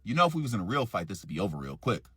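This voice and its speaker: A man's voice: on the low side, sing-song, racing, pushed and bright, husky, no room sound, clean studio sound, voice pushed down, full character voice. A man voicing a blunt, cocky teenage girl wrestler in a storytime, taunting matter-of-factly. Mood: smug.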